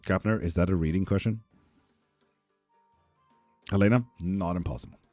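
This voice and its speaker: A young man chatting casually on a live stream, reading viewer comments, relaxed, swearing freely and cheering people on, a little ill and foggy. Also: sits low, normal speed, dry recording, soft background music. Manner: laid-back, swears freely, upbeat cheering. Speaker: live tarot and spell streamer.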